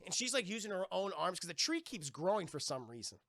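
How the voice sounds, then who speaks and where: A man recaps a cartoon scene by scene for his stream chat, rambling and swearing casually. His voice is high and bright with a gravelly edge. The sound is close and dry. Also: big pitch swings, fast, no echo. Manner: rambling, full of "like" and "you know", swears.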